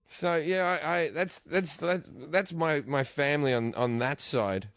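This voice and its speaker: Animated, swearing man telling stories. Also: on the high side, slow, pauses often, no room sound, studio quality. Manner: profane, laughing, acts out voices in anecdotes. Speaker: guest comedian. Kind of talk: animated storytelling chat.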